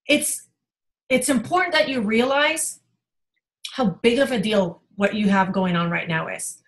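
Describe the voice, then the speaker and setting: A woman's voice: fairly high pitch, unhurried, fairly bright tone, low-quality recording. A woman health coach giving an emotional, rambling personal testimony on a team video call.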